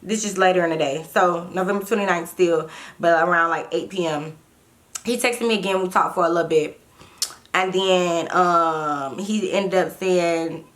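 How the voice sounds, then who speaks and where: Young woman chatting thru a storytime, kinda low voice, repeats herself a lot, reads out texts. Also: moderate pace, fairly bright tone. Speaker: vlogger telling a story. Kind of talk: casual storytime chat.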